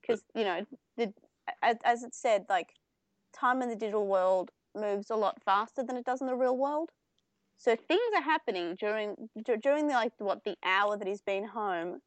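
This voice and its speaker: A woman's voice: medium pitch, moderate pace, dry recording. Chatty young woman recapping with restarts. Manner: chatty, recaps at length with frequent fillers and restarts. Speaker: podcast co-host. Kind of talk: casual chat comparing anime versions.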